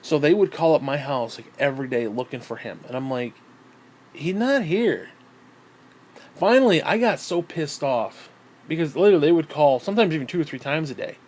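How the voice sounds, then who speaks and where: A man's voice: on the high side, expressive, quick pace, darkish tone. Rambling, foul-mouthed man musing aloud. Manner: profane, meandering, frequent fillers. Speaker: writer talking about his books. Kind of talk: casual rambling monologue.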